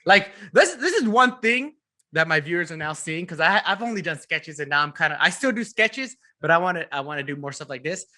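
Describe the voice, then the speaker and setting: A man hosting a casual podcast chat, talking in an animated way and laughing often. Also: a little high, fairly quick. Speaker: podcast host.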